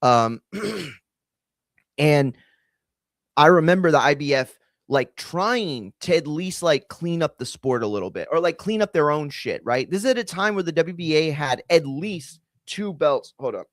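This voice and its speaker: A man's voice: on the high side, expressive, unhurried, no echo. Fired-up profane man ranting. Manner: heated, profane, rambling with many fillers. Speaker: combat sports podcast host. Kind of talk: casual opinion rant.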